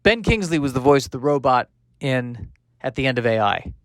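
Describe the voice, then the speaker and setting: A man's voice: medium pitch, very animated, moderate pace, no room sound, clean studio sound. Rambling comedy podcast man. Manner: rambling, tangent-prone, many fillers. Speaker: podcast host.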